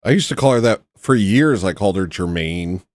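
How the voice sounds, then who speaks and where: Dry, low-voiced rambling radio host man. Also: expressive, a little fast, a little mellow, dry recording. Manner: joking and rambling, laughs at his own stories. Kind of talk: casual late-night radio chat.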